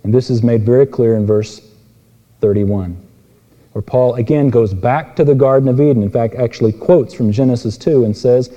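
A man preaching an expository sermon, telling stories with voiced characters and moving between emphatic and quiet delivery. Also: mid-range voice, normal speed, highs cut off. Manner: animated storytelling with voiced characters. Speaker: pastor. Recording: long reverb in a large hall.

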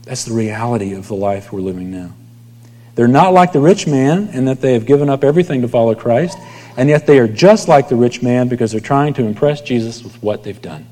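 A man's voice: mid-range voice, lively intonation, fairly quick, mellow. Preaching man in a reverberant hall. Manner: conversational preaching, dropping to near whispers at line ends. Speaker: pastor. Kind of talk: sermon.

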